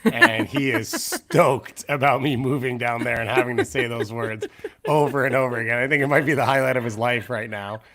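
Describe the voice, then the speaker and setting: A man's voice: mid-range voice, normal speed, pushed and bright. A young man hosts a loose live-streamed chat. He rambles from one thing to the next and pokes fun at himself as he goes. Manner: rambling, self-mocking. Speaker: podcast host.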